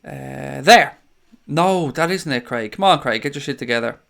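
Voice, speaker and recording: A man's voice: mid-range voice, expressive, normal speed, creaky, fairly bright tone. A young Irish man hosting a live fan stream, chatting casually, blunt and sweary, reading out viewers' comments. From Ireland. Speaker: fan channel host reading live chat.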